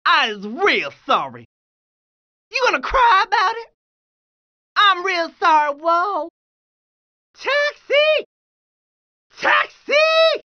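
A man's voice: extremely high pitch, big pitch swings, takes it slowly, long pauses, muffled recording, exaggerated voice. A young man voicing a brash, hot-headed street dancer as a video game pedestrian, with yelping slangy exclamations. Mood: taunting. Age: young adult.

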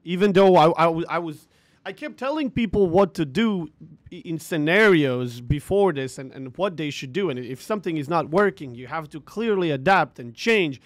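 A man's voice: on the high side, animated, normal speed, no echo. A man ranting about a tournament over gameplay, frustrated and swearing, repeating himself as he tells the story. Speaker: gaming streamer.

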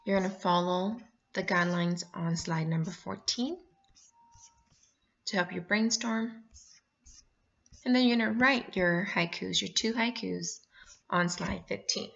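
A woman teacher giving a remote lesson, explaining clearly and slowing down to spell out each point. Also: medium pitch, a bit bright, dull audio. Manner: clear and instructive, reads poems aloud, slows down to explain.

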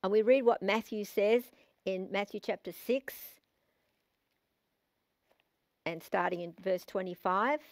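An Australian woman in middle age delivers a sermon, reading long scripture passages aloud. She leans hard on key phrases, slowing down and repeating them for emphasis. Her voice sits at an ordinary middle pitch and is recorded close and dry, with no room sound. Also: no room sound. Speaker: preacher.

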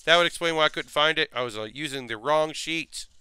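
A man with a high, bright, forceful voice talks briskly while live-streaming a model build, in a clean recording with no room sound. Sleepy and yawning, he rambles casually, thinks aloud and mutters to himself as he works.

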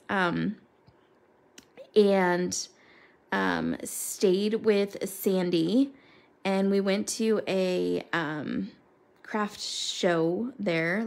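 A woman with a gravelly, creaky voice chats in a slow, unhurried way while she colors. She rambles from one thing to the next and greets her viewers by name. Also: mid-range voice, a little mellow. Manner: chatty and rambling, talks to chat viewers by name. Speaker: crafter coloring live with viewers.

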